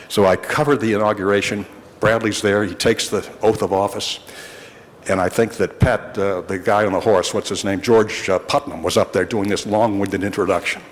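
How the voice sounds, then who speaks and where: A man's voice: fairly low pitch, big-room sound. A man in his sixties, a longtime reporter, telling rambling, wry anecdotes to a city council in a large chamber. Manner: rambling, wry, with frequent restarts. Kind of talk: anecdotal storytelling.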